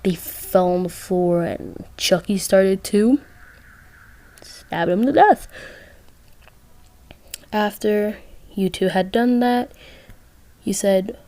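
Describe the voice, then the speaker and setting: A woman's voice: mid-range voice, slow pace, pauses often, dark tone, dry recording. A young woman casually telling a listener role-play story, rambling with asides.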